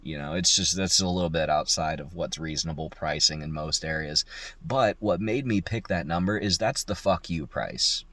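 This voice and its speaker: A man's voice: extremely low pitch, normal speed, dry recording. A young man, a locksmith, telling a work story in a casual, profane way and mimicking the people in it. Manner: profane, animated, mimics voices in quotes.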